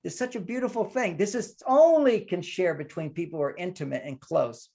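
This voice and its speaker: Older male relationship expert, gravelly voice, slightly high-pitched, emphatic lecturing guest. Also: fairly quick, dark tone. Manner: emphatic, lecturing, acts out quoted partners. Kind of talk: podcast conversation, advice.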